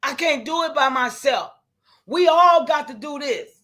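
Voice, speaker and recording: Excitable high-voiced woman preaching. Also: measured pace. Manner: preachy, excitable, calls out to viewers, bursts into shouts. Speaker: livestream host. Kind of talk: impassioned livestream talk.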